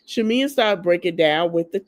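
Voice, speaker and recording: A woman with a lowish voice and lively intonation talks at normal speed, hosting a podcast with a casual TV recap full of gossip. Her storytelling is loose and slangy; she addresses listeners as "y'all," like friends, and acts out the people she quotes.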